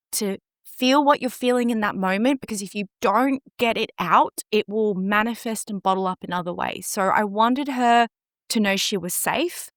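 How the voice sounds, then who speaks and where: A woman's voice: mid-range voice, a bit bright, dry recording. Woman interview guest, earnest, emotionally open storyteller; mid-range voice, dry close recording. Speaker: guest recounting events.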